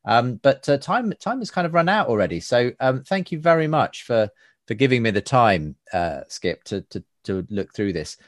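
A man's voice: mid-range voice, sing-song, normal speed, dry recording, studio quality. A man, hosting a podcast interview in a friendly, conversational way. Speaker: podcast host. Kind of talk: casual interview chat.

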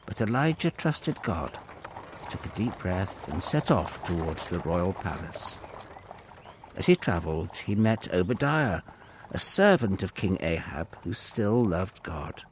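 A man narrating a children's Bible story with expressive storytelling. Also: low-pitched, unhurried, a little hiss or hum.

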